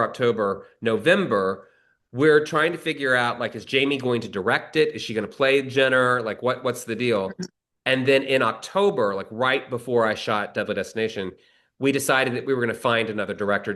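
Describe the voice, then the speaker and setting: A middle-aged man tells a story in a casual interview. His voice is bright and forceful, and he acts out each quoted line with real energy. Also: medium pitch, a little fast. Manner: animated storyteller, acts out quoted dialogue in a raised voice. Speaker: screenwriter and actor, guest.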